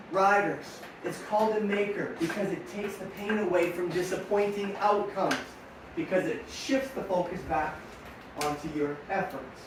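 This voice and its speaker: Middle-aged male coach, high-pitched, energetic motivational talk, recorded far off in a reverberant hall. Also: a little hiss or hum. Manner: energetic, rhetorical questions to the audience. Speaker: sports mental coach. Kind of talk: motivational talk to young riders. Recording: echoey room, mic at a distance.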